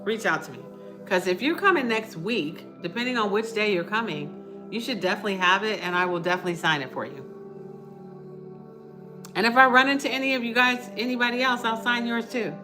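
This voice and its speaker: A middle-aged woman hosting a casual livestream, chatting with viewers, reading their comments and offering warm reassurance. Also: a little high, brisk, over music. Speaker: livestream host. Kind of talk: casual live chat with viewers.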